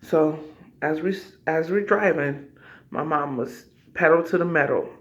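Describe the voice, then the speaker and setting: A woman's voice: sits low, measured pace. A woman vlogger telling a personal story casually to her viewers, acting out scenes with cries and asides. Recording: slightly dull lo-fi audio.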